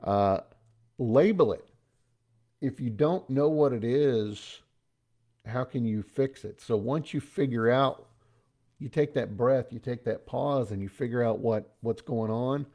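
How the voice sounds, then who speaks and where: A man's voice: mid-range voice, measured pace, warm tone. A middle-aged man giving a casual motivational talk as host, chatty and folksy, with pop-culture asides.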